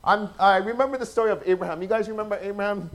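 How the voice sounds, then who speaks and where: A man preaching an informal sermon, telling stories in a chatty, animated way and often asking his listeners questions. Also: high voice, racing. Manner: chatty, animated, acts out quotes, asks the audience questions.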